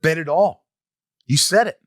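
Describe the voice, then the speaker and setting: A man's voice: no echo, clean studio sound, lightly acted. A man doing an impression of a famous actor, with strange swooping phrasing that goes down and up. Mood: deadpan. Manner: swooping pitch, drawn-out weird phrasing. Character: impression of a famous actor, odd rising-falling delivery.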